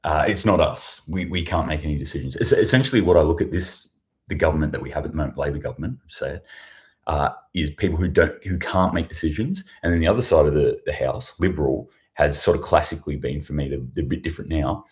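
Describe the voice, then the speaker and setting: With an extremely low voice and a quick pace, an Australian man hosts a laid-back livestream from his hotel room while preparing a news show. His talk is rambling, sarcastic and full of swearing.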